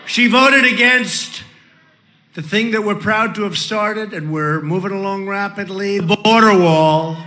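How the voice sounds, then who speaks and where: Male rally speaker: tense, forceful, fairly high voice; boastful ad-libs, shouted punchlines. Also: a little slow, a little hiss or hum. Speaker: rally speaker introducing candidates. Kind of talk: political rally speech.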